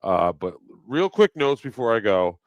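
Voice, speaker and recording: A man's voice: medium pitch, very animated, unhurried, dry recording, dull audio. A man hosting a live stream, chatting casually in a rambling, profane, joking way. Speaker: livestream host. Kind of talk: casual livestream chat.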